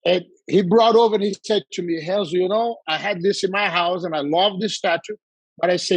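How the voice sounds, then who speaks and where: Brazilian guy spinning funny stories, kinda husky, lots of acted-out quotes. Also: sits high, fairly quick, dry recording, low-quality recording. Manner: lively anecdotes with quoted dialogue, laughing. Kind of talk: casual storytelling chat.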